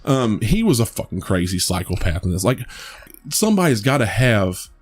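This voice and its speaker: A man with a lowish voice rambles through a casual movie review, restarting his sentences and swearing freely. Faint music sits under the talk. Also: big pitch swings, normal speed. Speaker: podcast co-host.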